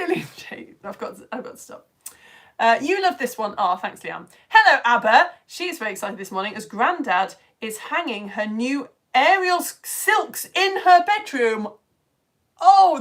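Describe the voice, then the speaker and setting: Bubbly woman from the UK, live online science teacher, higher voice with a bouncy, animated delivery. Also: normal speed. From United Kingdom. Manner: chatty, enthusiastic, laughs often. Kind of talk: live-streamed lesson, reading viewer comments.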